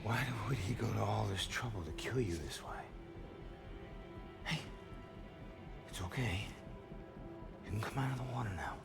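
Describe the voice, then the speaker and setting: Gravelly ghost detective. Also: male voice, lowish voice, expressive, normal speed, long pauses, loud music behind the voice. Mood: earnest. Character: gruff ghost detective man, dogged. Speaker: game character.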